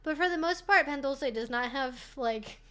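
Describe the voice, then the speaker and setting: A woman's voice: sits high, normal speed, a bit bright. A woman hosting a casual livestream, rambling along with lots of "like" and frequent swearing. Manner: rambling, swears freely, heavy use of "like". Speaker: streamer host.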